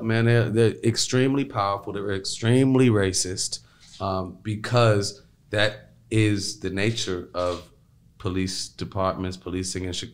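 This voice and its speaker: A man's voice: fairly low pitch, a little hiss or hum. A man talking as a podcast guest in a loose, rambling way, filling gaps with "you know what I mean". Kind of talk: casual interview talk.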